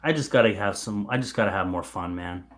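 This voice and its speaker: A man's voice: fairly low pitch, fast talker, fairly bright tone. A man in his thirties hosting a podcast, telling stories in a casual chat, swearing freely and laughing as he goes. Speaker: podcast host.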